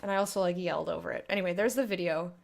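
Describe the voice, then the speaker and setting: A woman's voice: lowish voice, very fast, creaky. A woman hosting a blind let's play, giving casual, emotional commentary on a game. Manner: emotional, chatty reactions.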